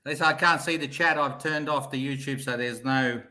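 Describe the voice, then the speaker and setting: A man's voice: mid-range voice, moderate pace, sharp tone. A middle-aged man with an Australian accent, a guest on a live show, talking bluntly and matter-of-factly. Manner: blunt, matter-of-fact, says "mate". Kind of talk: casual chat.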